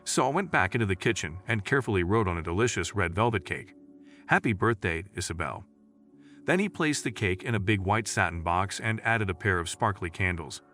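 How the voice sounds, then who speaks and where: A man narrating a scripted story in a lively storytelling way. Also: fairly low pitch, fairly quick, few pauses, faint music behind.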